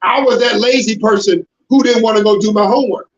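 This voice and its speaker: Emphatic high-voiced male preacher. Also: brisk. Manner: emphatic, confrontational, with sudden shouted bursts. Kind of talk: preaching to a congregation. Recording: roomy, dull lo-fi sound.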